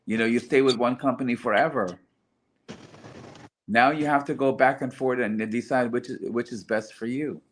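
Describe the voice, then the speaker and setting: A man's voice: medium pitch, fairly even intonation, normal speed, slight background noise. A man in casual group chat, earnestly explaining his views step by step. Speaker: host.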